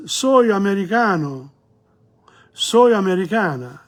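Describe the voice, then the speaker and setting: Slow, husky male language teacher. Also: fairly high pitch, animated. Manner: rambling, repeats phrases aloud for practice. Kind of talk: casual video lesson.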